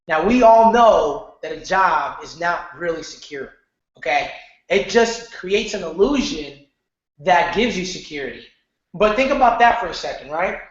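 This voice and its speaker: A man teaching an online marketing lesson in a casual, animated way, often checking in with "okay?" and slipping into slang. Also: high-pitched, a little slow. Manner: animated, repeats "okay?", loose slangy talk. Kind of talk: casual training lecture. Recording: very echoey, muffled room.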